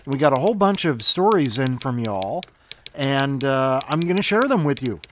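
A man's voice: mid-range voice, animated, normal speed, fairly bright tone, slight background noise. A man hosting a podcast, introducing the week's stories in a chatty, upbeat way. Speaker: podcast host.

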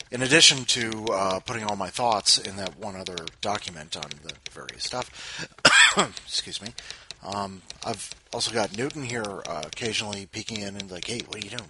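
A man's voice: fairly low pitch, very noisy. A man hosting a podcast, chatting casually and joking between listener stories, with lots of fillers and asides. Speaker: podcast host. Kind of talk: casual chat.

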